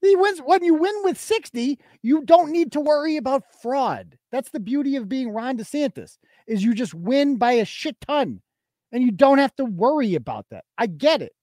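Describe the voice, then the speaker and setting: A man's voice: very high voice, very animated, normal speed, darkish tone, no room sound, clean studio sound. A man hosting a live show, delivering a heated, profanity-laced political rant and restarting his sentences as he goes. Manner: heated, swearing constantly, restarts mid-sentence.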